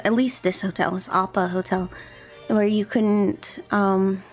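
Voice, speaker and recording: Young woman rambling on a chill drawing stream, talking low and soft, mid pitch, faint gentle music behind. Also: steady tone, unhurried. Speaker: VTuber streamer and illustrator. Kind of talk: relaxed casual chat while drawing on stream. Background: faint gentle background music.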